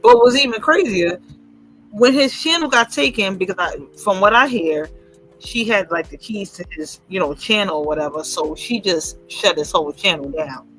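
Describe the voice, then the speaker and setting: A man's voice: high-pitched, moderate pace, bright, forceful tone, soft background music, poor audio. A man hosting a casual livestream chat, gossipy and laughing often as he acts out what others said. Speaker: host.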